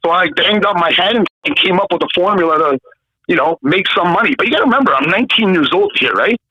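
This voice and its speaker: A man of about fifty from Canada tells his story in a high, bright, forceful voice, cursing at every turn and acting out the other people in it. The sound is dry and a little dull, like a lo-fi recording. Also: quick pace, husky, no echo. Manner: swearing, animated, acts out the people in his story. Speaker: guest. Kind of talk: casual storytelling interview.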